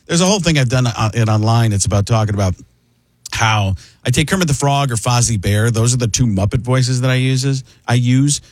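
A man, a comedian guest on a radio show, talking casually and quickly about doing impressions. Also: medium pitch, dry recording. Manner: quick, joking, with bursts of laughter.

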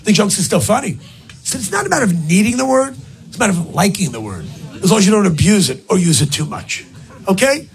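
A brash male stand-up comedian with a high, gravelly voice that leaps all over the place. He builds his stories toward shouted punchlines, with faint hiss under the recording. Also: wildly swooping pitch, quick pace. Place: live comedy stage with audience.

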